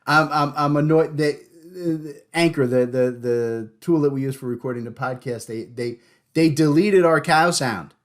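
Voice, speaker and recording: A man hosting a podcast in casual chat, joking and animated, often stumbling and repeating words. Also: fairly high pitch, normal speed. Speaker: podcast host.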